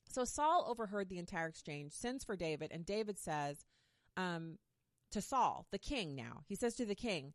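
A woman's voice: lowish voice, expressive, normal speed, dry recording, studio quality. A woman casually retelling a Bible story in a playful way, with modern slang asides.

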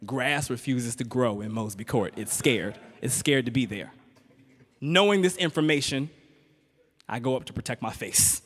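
Man, stand-up comedy, mid-pitched voice, chatty audience asides, long hall reverb. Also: animated, moderate pace, a little hiss or hum. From Richmond, Virginia. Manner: conversational, teasing the audience with frequent "right?". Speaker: comedian and spoken-word poet. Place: stage in a hall.

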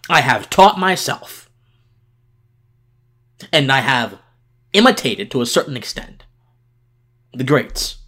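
A man's voice: mid-range voice, very animated, slow, pauses often, bright, forceful tone. A tired man hosting a political podcast, giving passionate commentary with emphatic restarts and repeated words.

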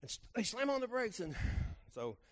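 Man, middle-aged pastor, folksy sermon storytelling, lively, slightly high voice. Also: normal speed. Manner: folksy and animated, builds to loud emphatic peaks.

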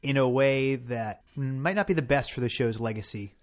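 Male podcast co-host, mid pitch, casual and reflective, frequent restarts. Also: moderate pace. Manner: thoughtful, restarts sentences often. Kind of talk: casual discussion.

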